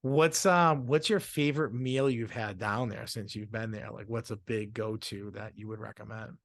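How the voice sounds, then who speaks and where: A podcast host with a low, gravelly voice asks long, rambling questions packed with fillers during a casual interview chat. He keeps a steady tone and talks at normal speed.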